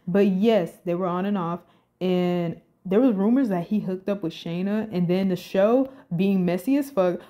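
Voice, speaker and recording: A woman giving casual, profane commentary on a reality show, animated and incredulous. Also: mid-range voice.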